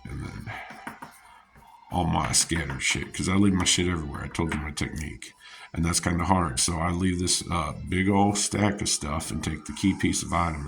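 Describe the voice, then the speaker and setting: Male vlogger, deep voice, loose meandering storyteller who laughs at his own tales. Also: creaky. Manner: meandering, chuckling, many restarts and fillers. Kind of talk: rambling personal storytelling.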